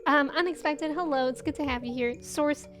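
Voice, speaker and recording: Giggly young woman streamer with a high voice, chatting with her viewers, faint game music under her. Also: moderate pace, fairly bright tone. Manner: chatty, giggly, greets and answers chat. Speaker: livestreamer. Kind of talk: casual chat while playing a game.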